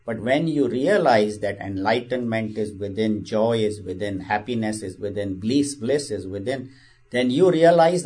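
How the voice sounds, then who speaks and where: A man's voice: fairly low pitch, measured pace, a little mellow, slightly rough. A man giving a spiritual discourse. He speaks in a conversational way, repeats phrases and tells a parable. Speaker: spiritual teacher.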